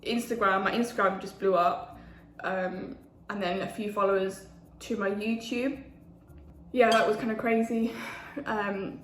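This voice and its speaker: A woman's voice: mid-range voice, a little hiss or hum. A woman, chatting casually between bites in a food vlog. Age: 20s. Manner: chatty, eating while talking. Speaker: food vlogger. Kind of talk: casual mukbang chat. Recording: echoey room with faint ambience.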